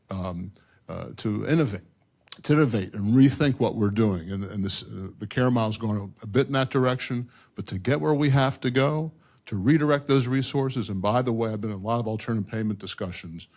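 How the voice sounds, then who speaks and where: An older man speaks on a discussion panel, his voice sitting a little low. He sounds earnest and emphatic, and he often breaks off and restarts his sentences as he builds his point. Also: moderate pace, a little mellow.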